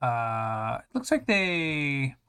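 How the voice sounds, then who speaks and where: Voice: mid-range voice, very animated, extremely slow, a bit bright, clean tone. An anime reviewer talking casually, rambling with many restarts and sarcastic asides.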